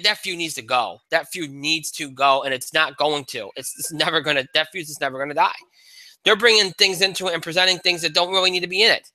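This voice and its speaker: A man's voice: high voice, sharp tone, dry recording. A man co-hosting a casual sports podcast, rambling with frequent restarts and a frustrated tone. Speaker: podcast co-host.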